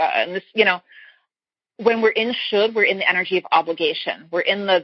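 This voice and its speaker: A woman with a husky, slightly breathy voice talks earnestly as a guest coach. She explains her points with homely comparisons and often restarts her sentences. The sound is dry and a little dull and lo-fi. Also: mid-range voice, fairly quick, dry recording. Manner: earnest, explains with everyday analogies, frequent restarts. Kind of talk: casual interview chat.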